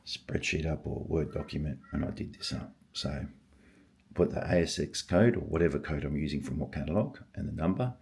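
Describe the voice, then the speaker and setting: Older male hobby vlogger, husky, deep and gravelly, excitable muttering to himself. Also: a little hiss or hum. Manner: excitable, murmurs and exclaims to himself. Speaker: stamp collector. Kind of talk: casual vlog, thinking aloud while sorting.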